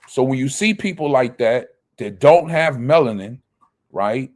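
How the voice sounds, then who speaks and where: Man, Bible study teacher, unhurried delivery, mid-pitched voice, reads verses then explains them, answers his own questions. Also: expressive. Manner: asks rhetorical questions and answers them himself.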